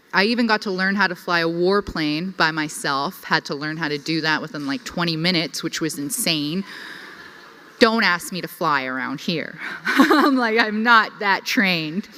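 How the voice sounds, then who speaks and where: A young woman telling a personal story to a conference audience, chatty and full of "like". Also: on the low side. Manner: lively, chatty, filler-heavy with frequent "like". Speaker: conference speaker. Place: conference hall. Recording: reverberant hall.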